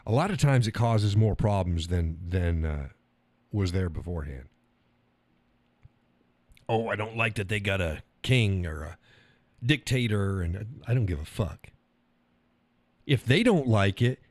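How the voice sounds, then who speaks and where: A man's voice: fairly low pitch, expressive, unhurried, pauses often, darkish tone, no echo. A man from the United States, host of a live stream, ranting bluntly and profanely in a casual opinion monologue.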